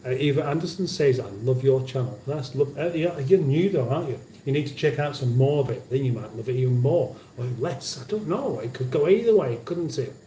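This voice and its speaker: A man's voice: medium pitch, expressive, fairly quick, few pauses, mellow, slight background noise. A man hosting a cooking livestream from his home kitchen, chatting casually and reading viewer comments aloud with dry banter. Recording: roomy kitchen sound from a distance.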